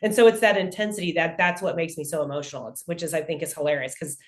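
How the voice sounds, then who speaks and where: A woman chatting casually with her family, expressive and quick to laugh. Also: low-pitched. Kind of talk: casual chat.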